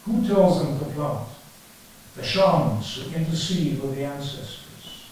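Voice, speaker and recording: An older man delivers a conference lecture, his voice pitched a little high. He tells field stories with dry, wry humour. The sound is distant and very echoey, as if picked up from the back of a large hall. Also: unhurried, a little mellow, slight background noise. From England. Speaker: archaeology lecturer. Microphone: lectern or headset mic, battery trouble.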